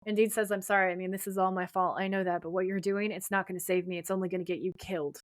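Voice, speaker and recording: A woman's voice: medium pitch, flat delivery, fast talker, no echo. A woman co-hosting a podcast, casually retelling a TV episode scene by scene and quoting the characters' lines. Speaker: podcast co-host.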